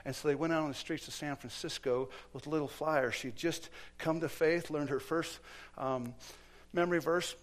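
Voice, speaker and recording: A man preaching a sermon in a church, telling stories with acted quotes and swinging between loud and hushed delivery. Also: on the high side, steady tone, normal speed, few pauses.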